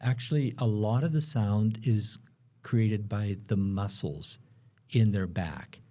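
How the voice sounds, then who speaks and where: A man with a low, mellow voice co-hosts a casual podcast. He explains things in a rambling way, hesitating often and leaning on fillers. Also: slow pace. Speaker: podcast co-host explaining bees.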